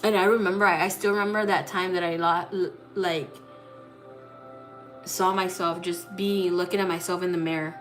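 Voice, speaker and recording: A low-voiced woman reads tarot as a psychic and tells a personal story casually. She is blunt and swears freely, with many fillers and restarts. Faint music runs underneath. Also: fairly even intonation, normal speed. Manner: blunt, profane, full of fillers.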